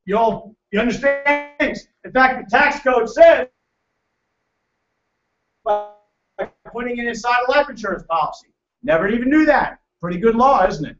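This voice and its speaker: A man presenting a financial seminar to a live audience, loud, emphatic and hectoring as he teases the crowd. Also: very high-pitched, animated, normal speed, pauses often, music in the background. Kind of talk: motivational seminar lecture. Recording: echoey, distant, dull room recording.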